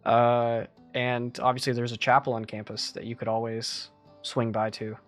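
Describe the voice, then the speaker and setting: A man lightly acts the part of a polite, apologetic young male student from a church in a tabletop game, with guitar music playing behind him. His medium-pitched voice is level and fairly bright, friendly in mood and slightly halting.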